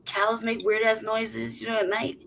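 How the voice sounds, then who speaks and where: This city-raised podcast co-host, a woman, swears freely and laughs a lot as she tells a story in casual conversation, animatedly doing the voices of the people involved. She speaks at a normal speed in a slightly high, creaky voice. Heavy background noise runs under the clip.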